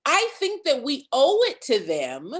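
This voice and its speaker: A woman with a fairly high voice guests on a candid interview over a video call. Her delivery is emphatic and full of energy, and her pitch swings widely as she makes her points. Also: a little slow. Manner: emphatic and animated, laughs loudly, gets loud when passionate. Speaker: nonprofit consultant guest.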